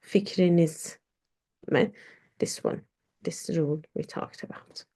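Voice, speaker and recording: Slow, gravelly-voiced woman teaching. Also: low voice, dark tone. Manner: slow, hesitant explaining with many fillers. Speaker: Turkish teacher. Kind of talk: online language lesson.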